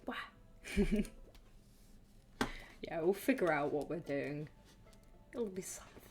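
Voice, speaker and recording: A woman's voice: fairly low pitch, lively intonation, takes it slowly, pauses often, darkish tone, faint music behind. A woman gives casual commentary while playing a game on stream, muttering and chatting to herself. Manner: chatty, mutters to the game, playful sing-song asides.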